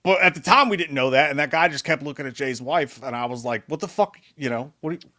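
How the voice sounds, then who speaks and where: A man's voice: mid-range voice, quick pace, pushed and bright. A man co-hosting a live show, telling profane anecdotes in casual chat and laughing often. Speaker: podcast co-host.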